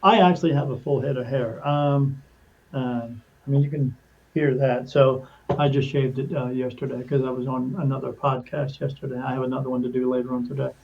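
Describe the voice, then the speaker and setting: A man, a podcast guest, telling a story in casual conversation, animated, acting out quoted dialogue and often restarting his sentences. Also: mid-range voice, a little fast, gravelly, highs cut off.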